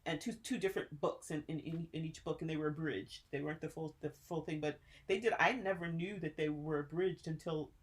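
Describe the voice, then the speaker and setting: A woman in her sixties from New Jersey, co-hosting a podcast and telling childhood stories with lots of laughter. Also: sits low. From Newark, New Jersey. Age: 60s. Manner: animated storyteller, quick to laugh. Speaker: podcast co-host. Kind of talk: casual chat.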